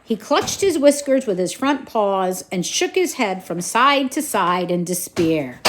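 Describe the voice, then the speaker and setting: A woman reading a children's storybook aloud to her kids in an expressive way. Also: medium pitch, measured pace, few pauses.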